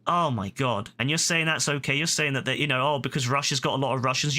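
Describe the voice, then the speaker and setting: A British man on a gaming livestream, ranting heatedly at someone in his chat. He swears a lot and keeps repeating himself, and his voice is bright and forceful. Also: mid-range voice, quick pace, few pauses. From Britain. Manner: heated, profane and repetitive. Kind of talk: angry rant at a chat viewer.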